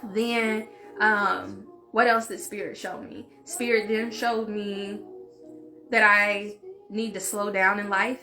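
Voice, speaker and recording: Bright-voiced woman telling a frank story. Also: mid-range voice. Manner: animated, frank, peppered with "like" and swearing. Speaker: vlogger and healing channel host. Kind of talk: casual story-time monologue.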